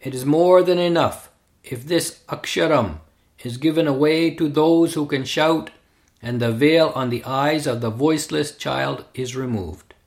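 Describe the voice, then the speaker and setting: A man reading a first-person memoir aloud in a measured, deliberate way. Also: fairly high pitch, gravelly. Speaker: reader. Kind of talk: scripted narration of a memoir.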